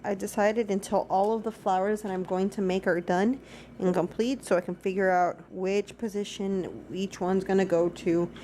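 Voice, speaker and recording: A woman's voice: mid-range voice, steady tone, moderate pace, mellow, slight background noise. A young woman chatting through a casual daily vlog at home, rambling and talking to her dogs. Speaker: vlogger. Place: at home, indoors.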